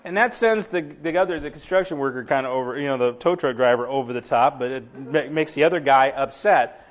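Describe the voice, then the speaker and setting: A male pastor telling a funny story in a sermon, animated and laughing, acting out the voices of the people in it. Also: on the high side, brisk. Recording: dull lo-fi recording.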